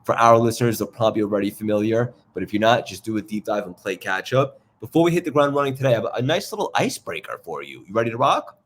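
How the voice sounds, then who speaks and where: A man's voice: fairly low pitch, lively intonation, quick pace, hardly any pauses. A man with a New York accent hosting a live podcast, introducing his guest with effusive hype. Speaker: podcast host.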